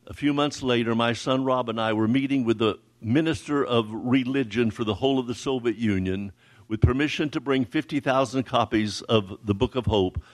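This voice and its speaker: An older man telling a sermon-style testimony, often stumbling over repeated words and acting out the people he quotes. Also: mid-range voice. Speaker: ministry founder telling a testimony.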